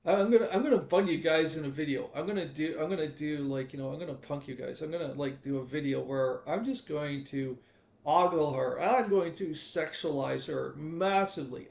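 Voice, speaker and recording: Male streamer, gravelly, slightly high, chatty and preachy; roomy echo. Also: darkish tone. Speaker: live streamer. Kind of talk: casual live-stream rant. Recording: echoey room.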